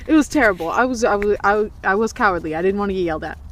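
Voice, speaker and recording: A woman's voice: medium pitch, rapid-fire. A young woman co-hosting a podcast, telling a shared childhood story in casual chat, laughing and mocking herself. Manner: lively, laughing, self-mocking. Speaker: podcast co-host.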